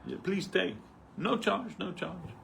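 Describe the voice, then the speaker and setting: A man's voice: high-pitched, very animated, takes it slowly, gravelly, fairly bright tone, slight background noise, voice pushed up, full character voice. A man voicing a pushy, rude temple priest with an Indian accent who demands money insistently. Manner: insistent, repetitive, brusque.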